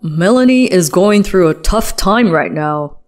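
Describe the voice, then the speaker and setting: A woman's voice: lowish voice, animated, a little slow, darkish tone. A woman narrator voicing a furious, protective brother confronting his sister's husband, over faint music. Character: angry protective older brother, company head.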